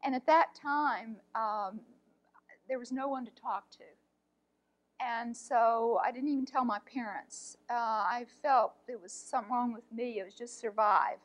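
A woman, an art teacher, telling a personal story in an earnest, heartfelt way, often speaking softly. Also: fairly high pitch, a little slow, poor audio.

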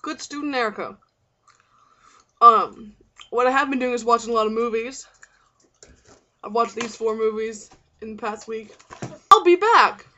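A young woman vlogging with a high, bright voice. She talks goofy and sarcastic and giggles often. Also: fairly even intonation, moderate pace, pauses often, lo-fi sound. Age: young adult. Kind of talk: casual vlog.

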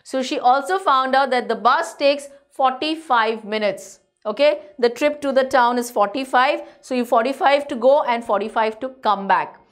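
A woman's voice: high voice, moderate pace, hardly any pauses. A woman, teaching a school chapter in an explanatory way. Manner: explanatory, frequent "you know". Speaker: English teacher.

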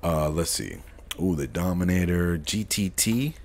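A man with a very deep, low voice runs a live gaming tutorial stream. He talks in easygoing slang and thinks out loud, stopping to correct himself as he clicks through menus. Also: a little slow, creaky, a little hiss or hum. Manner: laid-back slangy talk, thinks aloud and corrects himself. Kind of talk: live modding tutorial, casual chat.

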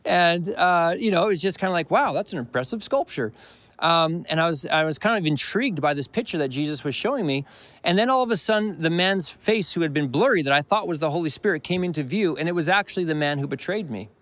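Canadian male pastor, higher-pitched, earnest sermon storyteller, dry close mic. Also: lively intonation, fast, a bit bright, dry recording. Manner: earnest storytelling with repeated phrases. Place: church.

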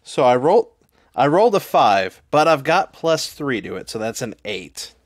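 A man's voice: medium pitch, sing-song, normal speed, no echo. A man chats casually at a tabletop game, joking and poking fun at his own bad dice rolls. His voice is mid-range, recorded dry and close. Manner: joking, self-mocking. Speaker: player.

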